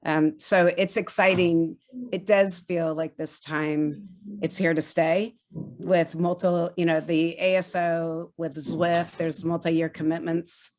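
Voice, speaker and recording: A woman being interviewed on a podcast as a film's executive director, speaking earnestly and enthusiastically with halting restarts. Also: fairly low pitch, level tone, a little mellow.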